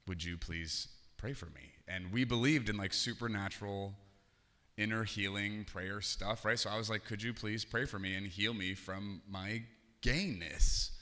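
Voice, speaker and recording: Candid low-voiced man, hall reverb. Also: fairly bright tone. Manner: candid, conversational, frequent "like" and "um". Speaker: speaker telling his life story. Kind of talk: personal testimony talk. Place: church hall.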